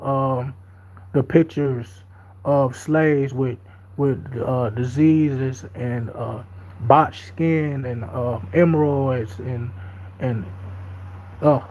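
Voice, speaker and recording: A man gives a casual Bible teaching at a middle pitch. He moves between reading scripture and emphatic, repetitive commentary in everyday speech. The audio is slightly dull and lo-fi. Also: darkish tone. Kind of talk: informal Bible study talk.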